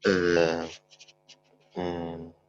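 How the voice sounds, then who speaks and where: Hesitant deep-voiced male student. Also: completely flat delivery, very slow, no echo, muffled recording. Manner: hesitant, unsure answers. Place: remote video call.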